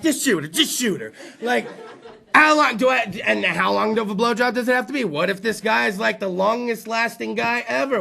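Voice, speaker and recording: A man's voice: very high-pitched, creaky, pushed and bright. A man hosting a talk show, telling crude jokes in a rowdy monologue and acting out other voices. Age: adult. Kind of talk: profane comedic monologue.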